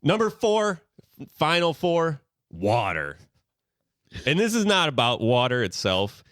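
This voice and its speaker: A man's voice: on the high side, big pitch swings, takes it slowly, a bit bright, no echo, studio quality. A man co-hosting a podcast, ranting in casual banter and laughing often. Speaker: podcast co-host.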